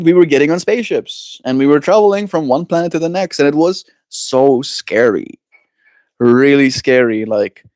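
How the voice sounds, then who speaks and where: A man streaming live, chatting casually and earnestly with viewers, and slowing down to read spiritual cards aloud. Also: mid-range voice, no room sound, studio quality. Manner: slows into deliberate reading aloud. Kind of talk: casual livestream chat with oracle card reading.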